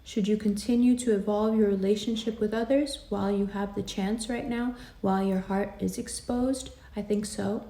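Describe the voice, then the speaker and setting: A woman giving a tarot card reading in an intimate, reassuring way. She laughs easily and sometimes drops into soft whispers. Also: medium pitch, steady tone, moderate pace, few pauses. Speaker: tarot reader.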